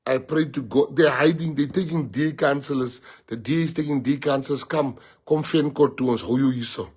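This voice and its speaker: Speaking a little fast, a middle-aged party leader from South Africa addresses supporters on a livestream in his South African accent. His mid-range voice is husky and a little mellow. He hammers points home with repetition and emphasis, mixing in Afrikaans phrases.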